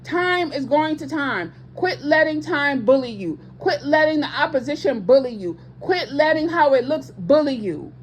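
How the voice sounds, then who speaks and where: A woman's voice: sits high, expressive, moderate pace, hardly any pauses, a little hiss or hum. A woman preaching with passion to online viewers as a ministry host, emphatic and repeating her points, with speech patterns and casual asides.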